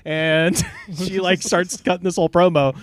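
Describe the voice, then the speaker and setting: A man telling a story on a podcast in a casual, animated way, laughing often and swearing offhand. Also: sits high, normal speed, no echo. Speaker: podcast guest.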